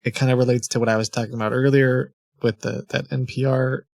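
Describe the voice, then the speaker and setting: A young man streams scam-baiting content, rambling casually and often breaking off to restart his sentences with short laughs. His mid-range voice is brisk, flat in delivery, creaky, and a little mellow, and the audio is dry and close without room echo.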